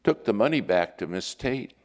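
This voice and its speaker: Male preacher, lowish voice, storytelling sermon, long church reverb. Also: moderate pace. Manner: storytelling with lively acted-out quotes. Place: church sanctuary.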